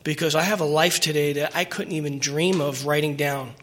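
A man's voice: on the high side, steady tone, a little fast, a bit bright. A middle-aged man telling his personal recovery story at a meeting, earnest and emotional, rambling with restarts.

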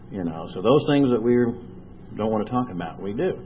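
Man, low voice, earnest recovery testimony, storytelling, slow at heavy moments, dull lo-fi recording. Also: expressive. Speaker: recovery speaker. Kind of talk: personal testimony talk. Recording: dull lo-fi recording with faint noise.

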